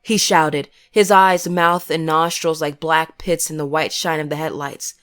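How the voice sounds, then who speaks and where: A woman giving scripted first-person horror narration in a measured, grim way. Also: low voice, steady tone.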